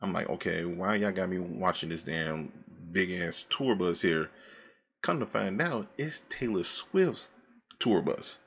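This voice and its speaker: A man telling a casual, profane story from his old job, animated and laid back, full of slang. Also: sits low, a little slow, vocal fry, husky. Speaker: storyteller recounting past work.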